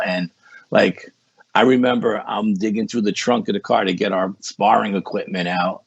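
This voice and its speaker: A man's voice: on the low side, steady tone, normal speed, gravelly, breathy edge, no room sound. A man, a guest on a podcast, telling a story in a casual, rambling way and saying 'you know' often. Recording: dull lo-fi sound.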